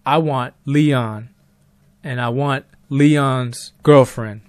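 A man doing a slow menacing phone voice. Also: mid-range voice, fairly even intonation, dry recording. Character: eerie male phone voice, calm and menacing.

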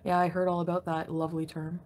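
A woman livestreaming from home, venting in an angry, crabby, profane rant that jumps between grumbling and sharp loud outbursts. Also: fairly low pitch, flat delivery, quick pace, a little hiss or hum. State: crabby and irritated. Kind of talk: ranting live stream chat.

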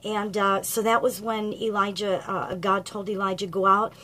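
A woman giving an earnest, gentle devotional message of encouragement to grieving parents, with frequent ums as she retells a scripture story. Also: mid-range voice, steady tone, normal speed, slight background noise. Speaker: grief ministry speaker.

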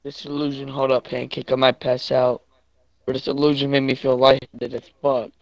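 A man's voice: medium pitch, monotone, moderate pace, dry recording. A man chatting casually on a stream with a friend, crude, swearing and prone to giggling.

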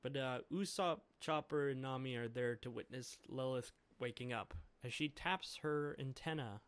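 A man's voice: mid-range voice, moderate pace, smooth, no room sound. A man casually recapping a comic chapter, chuckling often and restarting his sentences.

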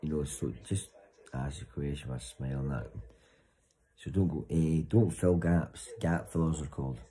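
Bloke, very low and dark voice, loose sweary banter for a vlog. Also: male voice, normal speed, low-quality recording. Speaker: vlogger. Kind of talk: casual chat to camera.

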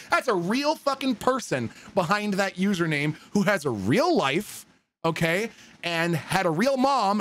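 A man livestreaming and chatting casually with viewers, swearing freely and swinging between heated rants and soft, supportive asides. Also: sits high. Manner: profane, emphatic, swings from ranting to soft. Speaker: livestreamer reading chat.

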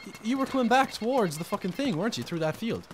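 Loud high-voiced Irish man. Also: expressive, fast talker, slight background noise. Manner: loud, bossy, swearing, shouting orders. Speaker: gamer and channel host. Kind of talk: game voice chat.

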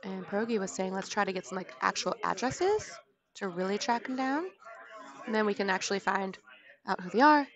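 A woman hosting a livestream, bubbly and giggly, thanking viewers in quick bursts. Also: mid-range voice. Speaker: livestream host. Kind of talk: casual livestream chat. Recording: muffled lo-fi stream audio.

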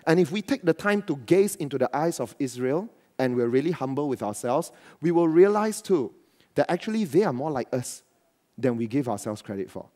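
A man's voice: fairly high pitch, animated, fairly quick, dark tone. A man preaching a sermon to his church as pastor, riffing with asides and quoted voices.

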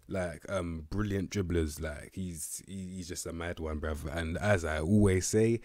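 A man's voice: low-pitched, steady tone, a little slow, few pauses, a little mellow, dry recording, clean studio sound. A young man, casually commenting on a football management game in heavy slang. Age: young adult. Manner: slangy, laid-back, swears casually. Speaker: gaming youtuber.

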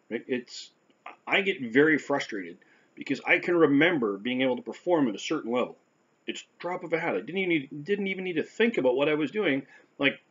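A stroke survivor talks unscripted to camera about his experience, speaking conversationally but haltingly, with restarts and pauses and "right?" tagged onto his sentences. His voice is mid-range and a bit bright, captured in slightly dull lo-fi audio.

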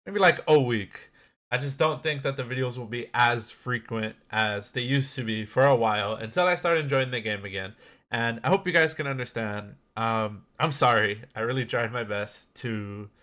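Bright-voiced young man narrating gameplay. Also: medium pitch. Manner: chatty, self-deprecating, laughs often. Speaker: gaming YouTuber. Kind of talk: casual gameplay commentary.

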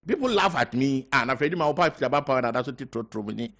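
An older man with a Ghanaian accent, talking as a guest on a talk show, halting and mixing in local words. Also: medium pitch, expressive. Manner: halting, mixing in local words, growing loud when telling a story. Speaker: guest party member. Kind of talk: casual talk show interview.

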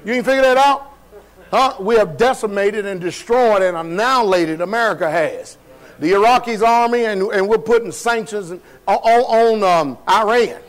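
High-voiced preaching man. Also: moderate pace, poor audio. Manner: preaching with call-and-response questions to the congregation; colloquial, laughs at his own remarks, shifts between loud and quiet. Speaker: pastor. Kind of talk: sermon. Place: church sanctuary.

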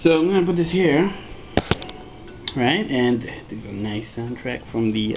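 A man rambles and jokes through a casual tech tutorial, sometimes doing mock voices for what the computer says. His medium-pitched voice is expressive and unhurried, captured in a dull lo-fi home recording with faint music.

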